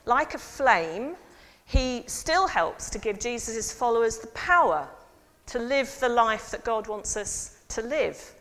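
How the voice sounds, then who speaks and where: A woman priest giving a lively sermon and involving her congregation. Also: a little high, takes it slowly. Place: church. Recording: long church reverb.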